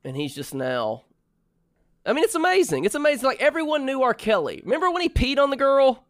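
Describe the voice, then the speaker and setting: A man co-hosting a casual podcast, reacting quickly and chatting. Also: very high-pitched, sing-song, dry recording, clean studio sound. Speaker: podcast co-host.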